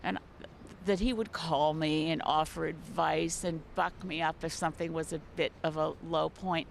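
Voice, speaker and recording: Woman, politician, gravelly voice, earnest, reflective, news interview guest. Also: sits low, fairly even intonation, moderate pace, a little hiss or hum. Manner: earnest, reflective, searching for words.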